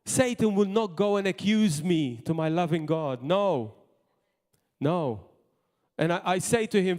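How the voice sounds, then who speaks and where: A man preaching a sermon as pastor, in impassioned bursts that drop to quiet asides. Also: sits high, a little slow. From Malta. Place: church hall. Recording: long hall reverb.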